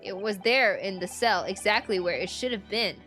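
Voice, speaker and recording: A woman voicing a gruff, testy male prison warder in an uneven put-on Scottish accent, read from a game. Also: medium pitch, moderate pace, fairly bright tone, soft background music, voice pushed down, natural voice. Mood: brusque. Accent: put-on Scottish, inconsistent. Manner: brusque, dismissive, thick brogue words. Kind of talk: reading game dialogue aloud.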